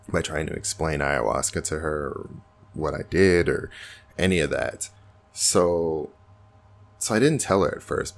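A man with an extremely deep voice and a gravelly, fry-heavy edge hosts a podcast. He muses in an earnest, reflective way, as if thinking aloud in a casual spiritual monologue. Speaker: podcast host.

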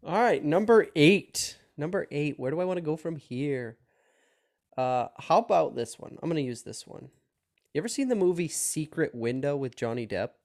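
A man co-hosting a podcast, chatting casually with an excited, profane tone. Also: on the high side, normal speed. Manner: enthusiastic, laughing, profane. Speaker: podcast co-host. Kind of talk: casual chat.

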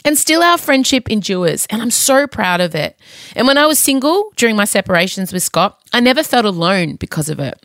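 A woman in her forties hosts a podcast in a casual chat, speaking in a medium-pitched, sing-song, slightly bright voice at a brisk pace. She's candid, swears freely and often gets emotional. The studio-microphone recording is clean with no echo.

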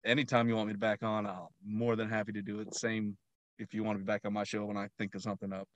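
A man's voice: on the low side, flat delivery, quick pace, no room sound, muffled recording. A man who is a guest on a podcast, chatting casually, self-deprecating and laughing a lot.

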